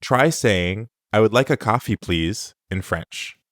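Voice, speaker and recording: A man co-hosting an audio language lesson, explaining words clearly and praising the listener in a scripted way. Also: on the low side, lively intonation, slow, fairly bright tone, no room sound, clean studio sound. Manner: clear, instructive, encouraging.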